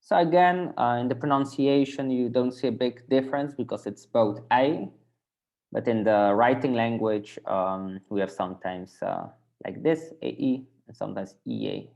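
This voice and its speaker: A man with a Dutch accent teaching a Dutch class online, patiently repeating words slowly for learners, with a native Dutch speaker's English. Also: medium pitch, animated, vocal fry, darkish tone, muffled recording.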